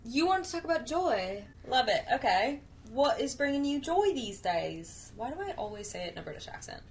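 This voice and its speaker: A woman's voice: a little high, sing-song, moderate pace, a little hiss or hum. A young woman co-hosting a podcast, giving dry, teasing short replies. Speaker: podcast co-host. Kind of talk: casual chat.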